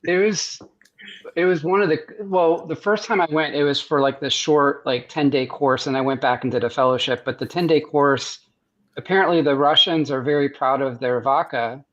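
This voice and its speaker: This man's voice sits fairly high and moves at a moderate pace. He's an American surgeon and guest artist from the United States, rambling through anecdotes on a video-call podcast with many restarts and laughter at his own stories, captured in muffled lo-fi audio.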